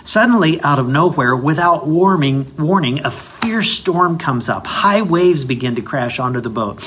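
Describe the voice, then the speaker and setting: A middle-aged man, a pastor, giving a radio devotional sermon, telling the story with dramatic slowdowns for emphasis. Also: on the high side, expressive, a bit bright, a little hiss or hum.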